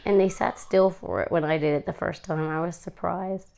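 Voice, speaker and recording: A woman's voice: fairly low pitch, steady tone, moderate pace, vocal fry, darkish tone. A woman in her thirties, a guest chatting and telling stories about her kids. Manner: chatty storytelling, acts out her kids' lines. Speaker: guest, lawyer and mother. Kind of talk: casual interview chat.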